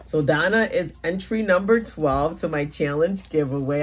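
A woman's voice: low voice, normal speed, few pauses. A woman vlogging a casual unboxing for her giveaway challenge, gushing and emotional, at times tearful. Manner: gushing, emotional, exclaims often.

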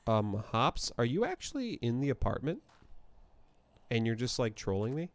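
A man's voice: medium pitch, big pitch swings, normal speed, no room sound. A man chatting casually as he livestreams a game from his apartment, thinking aloud and often correcting himself. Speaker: live streamer. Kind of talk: casual gameplay livestream chat. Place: apartment room.

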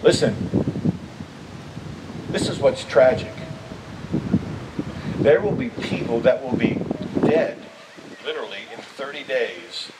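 Older pastor preaching, heard from afar. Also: male voice, medium pitch, slow pace, pauses often. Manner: earnest, building to emphatic appeals. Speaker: interim pastor. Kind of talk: sermon. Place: church sanctuary. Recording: distant mic with steady background noise.

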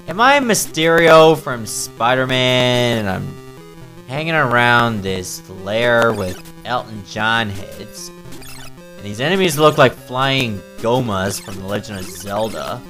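A man's voice: mid-range voice, animated, measured pace, a bit bright, faint music behind, low-quality recording. Sarcastic man mocking a bad game. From Newfoundland, Canada. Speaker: video game reviewer. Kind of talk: comedic game review commentary.

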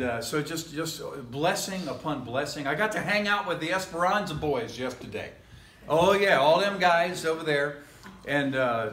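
A pastor preaches in an easygoing, joking way, drifting into chuckling asides. His voice sits a little high and sounds bright and forceful. The church room adds a strong echo. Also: slight background noise. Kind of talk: casual conversational sermon. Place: church sanctuary.

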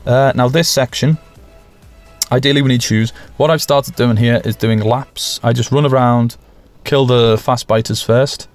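A man's voice: mid-range voice, a little slow, soft background music. Jokey man narrating gameplay. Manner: jokey and self-mocking, excited bursts. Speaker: gaming channel host. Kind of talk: casual gameplay commentary.

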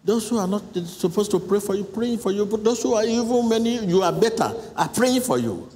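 A man preaches to a congregation in a large church hall, his high voice swinging widely as he repeats short prayer lines. The sound carries a long reverb with faint noise behind it. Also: lively intonation, fairly quick, a little mellow. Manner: emphatic, repetitive call-and-response preaching. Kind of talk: church sermon.

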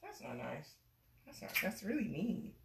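A woman's voice: fairly low pitch, very animated, moderate pace, creaky, recorded from a distance. A woman reading a picture book aloud to a child, with playful, chatty asides between pages. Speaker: storybook reader and host. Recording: echoey room, away from the mic.

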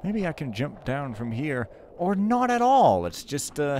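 A man's voice: mid-range voice, very animated, unhurried, hardly any pauses, darkish tone, slight background noise. A man giving casual, joking, rambling commentary while playing a stealth game, mocking himself as he goes. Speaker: let's play commentator.

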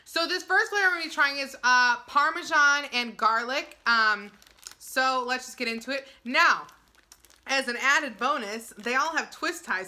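A young woman with a twang chatters through a casual tasting vlog, gushing and leaning on "like". Her voice is sharp and very bright, pitched a touch high. Snack bags crinkle in the background. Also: slight background noise. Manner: gushing, excitable, filler-heavy. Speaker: YouTuber.

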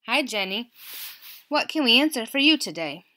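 A woman's voice: on the high side, big pitch swings, moderate pace, pushed and bright. A woman voicing a smart, cheerful young girl who greets her neighbors in a children's storybook. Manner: friendly greetings.

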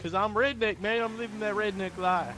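A man's voice: high-pitched, steady tone, fairly quick, a crowd in the background, close to an everyday voice. A man role-playing a jittery, rowdy redneck who wants to recruit people into his gang, talking in a folksy way. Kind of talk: video game role-play.

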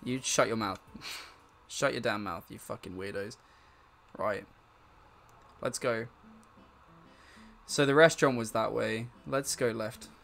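A man's voice: fairly low pitch, takes it slowly, creaky, pauses often, a bit bright, faint music behind. A man streaming a first-time video game playthrough, joking and swearing as he goes. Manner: profane and joking, laughs often. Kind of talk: live let's-play commentary.

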